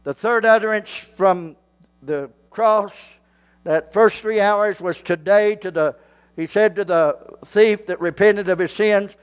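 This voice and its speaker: A male pastor, preaching a sermon slowly and building to fervent shouts. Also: sits high, smooth.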